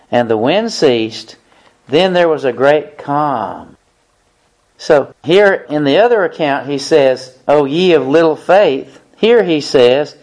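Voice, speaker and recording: A man preaching a sermon, reading Bible passages aloud and explaining them in a deliberate manner. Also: a little high, expressive, a little mellow.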